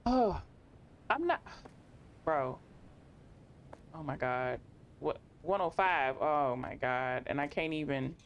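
A horror game streamer giving let's play commentary, talking to themself and jumping into sudden high-pitched yelps. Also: expressive, takes it slowly, pauses often, lo-fi sound, a little hiss or hum. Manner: talks to themself, reads game text aloud.

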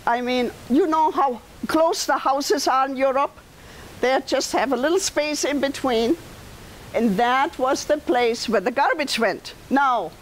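A woman's voice: high voice, a little hiss or hum, rough recording. A woman in her seventies with a German accent, telling her life story to an audience in a conversational way, turning to listeners with asides. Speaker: guest speaker and author.

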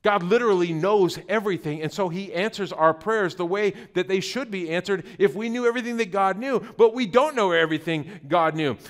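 A man's voice: high-pitched, fairly bright tone. A middle-aged man preaching a sermon as pastor, conversational and joking, often repeating words mid-thought.

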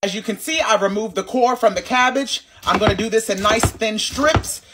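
A man hosting his own cooking channel, walking viewers through a recipe in a casual, animated way, sassy and quick to cuss as he talks straight to them. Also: high-pitched, a little hiss or hum.

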